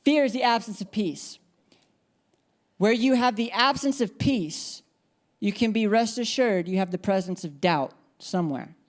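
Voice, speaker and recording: A woman's voice: mid-range voice, a little slow. A woman preacher giving an emphatic church sermon, repeating key phrases and leading the congregation in responses.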